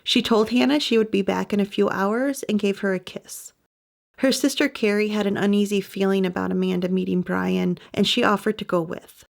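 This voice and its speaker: A woman reads true-crime narration in her own podcast, pausing for sympathetic asides. Her voice carries steady vocal fry and sits in a middle range. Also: mid-range voice. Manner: adds sympathetic personal asides. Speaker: podcast host.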